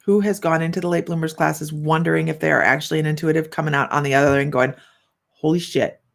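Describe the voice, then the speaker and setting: A woman's voice: low-pitched, fairly even intonation, quick pace, gravelly. A middle-aged woman hosting a psychic livestream, chatting casually and rambling as she reads out viewer comments. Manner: chatty and rambling, many fillers and restarts.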